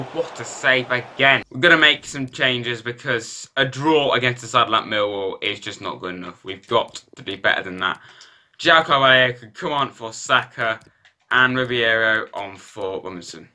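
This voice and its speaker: A man commentating his football video game in a lively, self-mocking way. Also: mid-range voice, moderate pace, a little hiss or hum. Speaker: gaming YouTuber.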